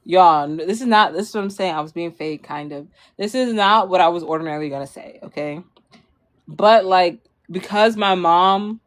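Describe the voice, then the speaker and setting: A young adult woman streamer telling a story casually to her audience, rambling with lots of fillers and frequent laughs. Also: on the low side.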